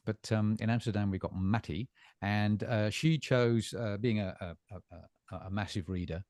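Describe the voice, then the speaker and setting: A middle-aged man co-hosting a casual bookstore chat, talking in halting bursts with lots of fillers and repeated words. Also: lowish voice, steady tone, a little mellow. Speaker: bookstore staff co-host.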